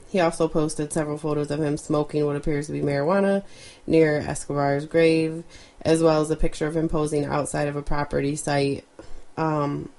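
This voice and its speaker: A low-voiced woman co-hosts a chatty podcast, reading news items in a relaxed way full of fillers and asides.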